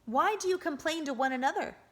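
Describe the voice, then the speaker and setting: A woman's voice: high-pitched, animated, normal speed, voice pushed up. A woman doing an earnest, defiant teenage boy. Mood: earnest, emphatic. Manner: earnest and emphatic.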